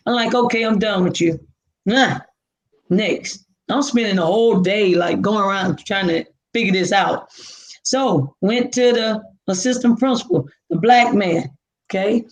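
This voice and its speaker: A woman's voice: medium pitch, normal speed, poor audio. A woman, a guest from Alabama telling a personal story and acting out the dialogue. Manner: animated, acts out dialogue.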